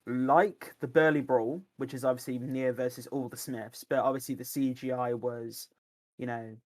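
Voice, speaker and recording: A podcast co-host with a medium-pitched voice and fairly even intonation chats casually and enthusiastically about films and games. He speaks at a moderate pace, rambling with lots of restarts, and there's no echo.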